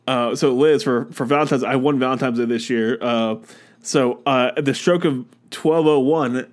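A young man co-hosting a podcast, chatting casually and telling animated stories, jumping to a high voice when he quotes others. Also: moderate pace. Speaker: podcast co-host. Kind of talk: casual chat.

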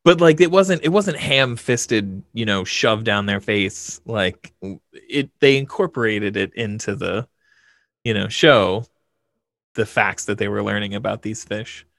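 A man in his thirties chatting casually as a podcast co-host, self-deprecating and quick to laugh. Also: fairly low pitch, vocal fry, fairly bright tone, no echo, clean studio sound. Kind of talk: casual chat.

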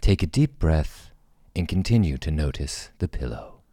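A man putting on the smooth, soothing voice of a male guided-meditation app, giving slow instructions. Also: a bass voice, animated, warm tone, no room sound, studio quality, exaggerated voice.

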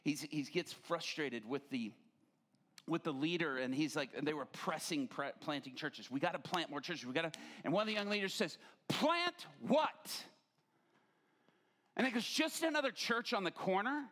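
Middle-aged male pastor, lively sermon delivery, voice sits on the high side and pushes loud at peaks. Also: brisk. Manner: animated storytelling, rising to near-shouts.

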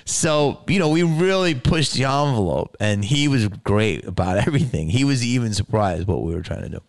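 A man hosting a podcast, telling a story in a casual, animated way with lots of swearing and laughing. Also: mid-range voice, moderate pace, no room sound, clean studio sound. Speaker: podcast host.

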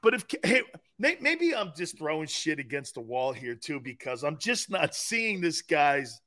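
A man co-hosting a casual sports talk show, telling profane stories and laughing loudly. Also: on the high side, very animated, moderate pace. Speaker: co-host. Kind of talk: casual sports radio chat.

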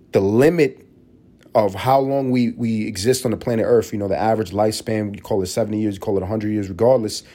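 A man's voice: fairly low pitch, a little mellow. A man hosting a solo podcast, rambling and swearing freely as he riffs in a casual monologue. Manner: rambling, profane, riffing with restarts. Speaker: podcast host.

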